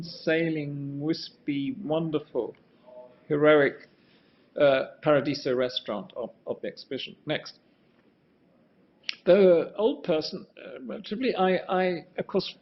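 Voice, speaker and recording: An older man giving a rambling, musing lecture on architecture, often restarting his sentences and asking for the next slide. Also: on the high side. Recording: muffled lo-fi sound.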